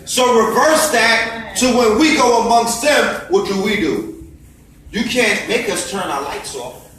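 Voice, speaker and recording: A man's voice: sits high, expressive, measured pace, a bit bright, a little hiss or hum. A man giving an impassioned lecture to a gathering, preachy and fiery, firing off rhetorical questions. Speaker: speaker addressing a gathering. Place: indoor event space. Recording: echoey room, voice far from mic.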